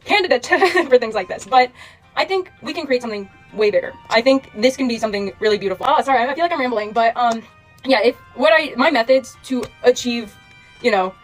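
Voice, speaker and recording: A woman's voice: fairly high pitch, animated, fairly quick, soft background music. A young woman creator giving a rambling, earnest monologue to her followers, full of fillers. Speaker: social media creator.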